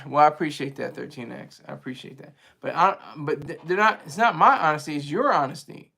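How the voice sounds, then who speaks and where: Gravelly-voiced man chatting on a livestream. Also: a little high, pushed and bright. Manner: rambling, chatty, quick to laugh. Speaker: livestream host reading viewer chat. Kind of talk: casual livestream chat with viewers.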